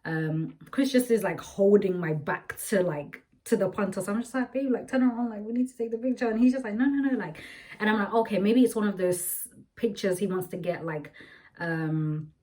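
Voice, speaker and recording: A young woman vlogger tells her viewers a personal story to camera, chatty and rambling, full of fillers. Her medium-pitched voice is brisk with a dark tone, and the recording is low quality.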